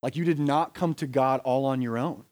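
A man's voice: mid-range voice, moderate pace, a little mellow. A man with an American accent, a pastor preaching a sermon in a conversational way, often asking "right?" and saying "like".

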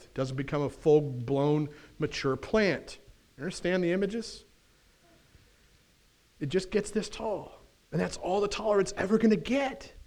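Folksy animated male pastor preaching. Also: on the high side. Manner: folksy, animated preaching with casual slang and asides. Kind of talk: sermon. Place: church.

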